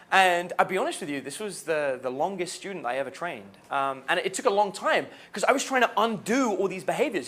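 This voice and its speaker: A man, a dating coach, telling stories about a student in an animated way, laughing as he goes. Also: sits high. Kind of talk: storytelling to camera.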